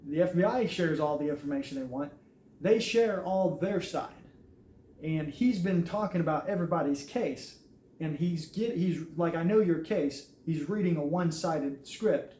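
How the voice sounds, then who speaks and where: A man's voice: fairly high pitch, moderate pace, dark tone. A man, an army veteran, telling his own story in a casual, earnest way and acting out what others said. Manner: earnest, recounts events with quoted dialogue. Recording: echoey room with faint noise.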